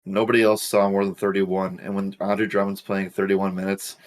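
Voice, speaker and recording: A man with a low voice talks sports casually as a co-host. He makes his case with numbers and firm opinions. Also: little pitch movement, moderate pace. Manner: opinionated, builds arguments with stats. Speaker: co-host of a sports betting show.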